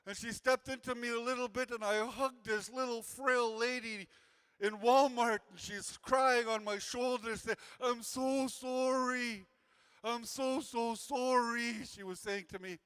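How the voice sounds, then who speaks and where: A man delivers a personal storytelling talk in a high, smooth and resonant voice. He speaks earnestly and repeats his key phrases for weight. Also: steady tone, normal speed, a bit bright. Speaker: invited speaker sharing his healing journey.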